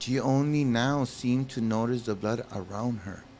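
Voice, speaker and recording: A man's voice: medium pitch, normal speed, darkish tone, slight background noise. A man doing let's play commentary, reading a story game's text aloud and breaking off with exclaimed reactions to his viewers. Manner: talks to viewers as "guys". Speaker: gaming channel host.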